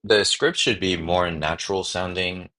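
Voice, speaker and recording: A man hosting a casual coding livestream, thinking aloud with sudden excited bursts. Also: sits low, a little slow, a little hiss or hum. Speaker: livestream host.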